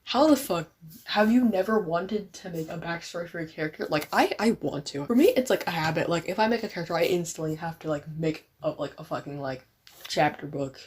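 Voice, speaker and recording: A woman art vlogger in a casual ranting commentary, profane and exasperated, with lots of "like" fillers. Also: sits low.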